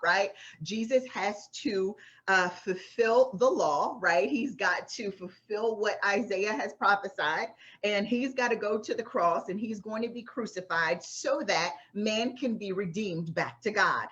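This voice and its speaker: A woman's voice: medium pitch, fairly bright tone, lo-fi sound. A woman coaching a class through a Bible passage in a casual, conversational way, often checking in with "right?". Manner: conversational, keeps asking "right?". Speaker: faith-based success coach teaching a class.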